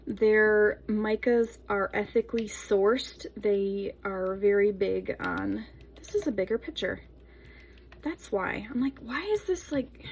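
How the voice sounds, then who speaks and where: A woman's voice: medium pitch, rough recording. A young adult woman soap maker chatting casually through a tutorial, rambling into asides while she works.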